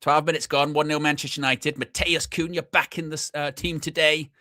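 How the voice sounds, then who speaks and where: A young man hosting a live football watchalong, chatty and excitable, shouting when his team scores. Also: a little high, a little fast, dry recording, clean studio sound. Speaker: fan watchalong host.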